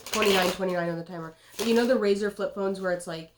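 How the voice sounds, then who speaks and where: A woman's voice: medium pitch, quick pace, noisy background. A woman in her twenties who reads tarot, talking in a loose, rambling way with lots of swearing and "dude.". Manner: rambling and profane, says "dude" a lot. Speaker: tarot card reader. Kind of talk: casual rambling tarot vlog.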